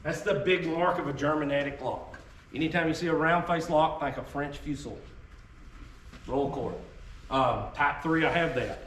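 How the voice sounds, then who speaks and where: Man, folksy joking history presenter, slightly high voice, recorded from a distance. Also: normal speed, fairly bright tone, slight background noise. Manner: folksy, joking, tangent-prone storyteller. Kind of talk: casual teaching talk to an audience. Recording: echoey room, mic far off, faint ambience.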